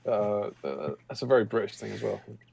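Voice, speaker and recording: A man's voice: on the low side, lively intonation, fast talker, vocal fry, darkish tone, breathy edge. A man co-hosting a casual painting stream, reading out viewer comments with a joking manner. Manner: jokey, reads out chat messages aloud.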